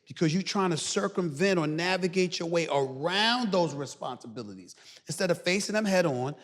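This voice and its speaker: A middle-aged man as a guest commentator, talking loudly and emphatically on a podcast. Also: fairly high pitch, normal speed. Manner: loud, animated, preacher-like emphasis. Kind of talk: emphatic podcast interview talk. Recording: reverberant room.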